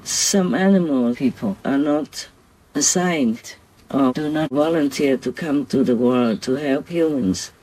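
A man speaking as a spiritual teacher in a slow, tender and affectionate way. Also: mid-range voice, darkish tone, low-quality recording. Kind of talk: spiritual talk to followers.

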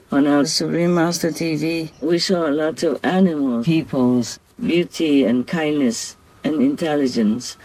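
Slow-spoken high-voiced spiritual teacher man. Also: a little mellow, poor audio. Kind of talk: spiritual talk to followers.

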